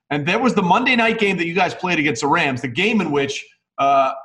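Man, host, slightly high voice, conversational, interview questions. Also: fairly bright tone. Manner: conversational, sets up stories for the guest. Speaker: podcast host.

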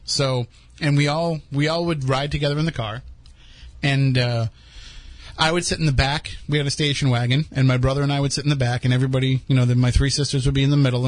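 A man's voice: mid-range voice, no echo. A man hosting a live podcast in casual chat, rambling and joking as he tells stories. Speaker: podcast host.

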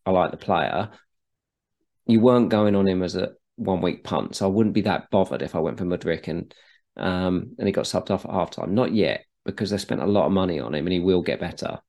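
A man's voice: deep voice, a little fast, creaky, darkish tone. A man in casual podcast chat about football, talking loosely and repeating words as he restarts. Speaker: podcast co-host.

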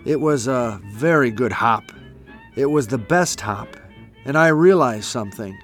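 A man's voice: medium pitch, expressive, unhurried, a bit bright. A man reading a storybook aloud. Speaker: narrator. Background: faint music.

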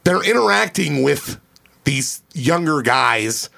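A man's voice: fairly high pitch, very animated, slow, gravelly, sharp tone. A man in his thirties, a podcast host, telling a rambling, profane story in casual chat in a home attic podcast room.

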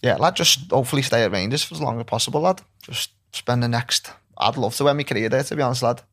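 A man's voice: medium pitch, fairly bright tone. A young man with a Scouse accent, a footballer chatting casually as a guest, slangy and full of "lad". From Liverpool, England. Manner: quick, slangy, says "lad" constantly. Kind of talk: casual chat.

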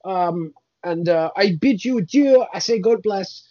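A man's voice: high voice, unhurried, mellow, muffled recording. A man voicing Saint Patrick as a cranky, profane old saint, ranting indignantly. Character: Saint Patrick, cranky foul-mouthed old Irish male saint.

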